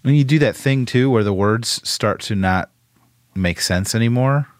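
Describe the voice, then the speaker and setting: A man co-hosting a casual chat over a remote call, agreeable and quick with short replies. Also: mid-range voice, no room sound. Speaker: podcast co-host.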